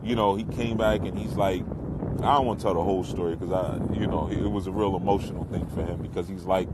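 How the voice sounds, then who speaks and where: Middle-aged guy talking loose outside by the water, kinda low voice, swears a lot, windy noise. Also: fairly even intonation, fast talker. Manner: loose, rambling, with profanity. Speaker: spiritual teacher. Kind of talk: casual outdoor monologue. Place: outdoors by the water.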